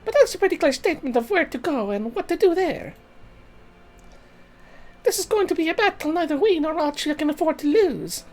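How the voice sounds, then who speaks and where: A man voicing an earnest, curious young woman companion, reading game story lines in a lilting falsetto. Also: lively intonation, fairly quick. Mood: explaining. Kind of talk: fan voicing of a game's story text.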